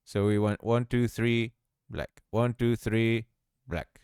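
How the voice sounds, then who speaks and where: A man walks through a game-making tutorial at his own slow pace, thinking aloud and teasing himself about his mistakes. His voice is smooth and clear, recorded close on a desk mic. There is almost no room sound around it. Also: on the low side, a little mellow, no room sound. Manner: self-mocking, thinks aloud, laughs at himself. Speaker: game dev tutorial host. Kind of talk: casual screen-recorded tutorial.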